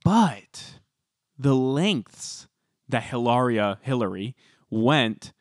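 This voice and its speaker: A man co-hosting a podcast, chatting casually and telling stories with animated emphasis. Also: medium pitch, drawn-out words, no echo, studio quality. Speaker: podcast co-host.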